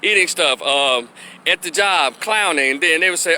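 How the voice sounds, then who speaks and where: Blunt, bright-voiced middle-aged man ranting. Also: a little high, moderate pace, a little hiss or hum. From Memphis, Tennessee. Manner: blunt, opinionated, acts out quoted voices. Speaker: opinion commentator. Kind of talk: opinion monologue vlog.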